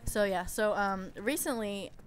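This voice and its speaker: Young woman, mid-pitch, chatty exasperated storyteller, faint hiss behind. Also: measured pace. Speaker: babysitter telling stories. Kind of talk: casual storytime vlog.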